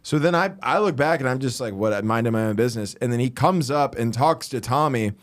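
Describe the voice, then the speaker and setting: A man co-hosting a comedy podcast, telling an animated story in casual chat and acting out the people in it. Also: medium pitch, brisk. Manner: animated storyteller who acts out quoted people, often laughing. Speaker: podcast co-host.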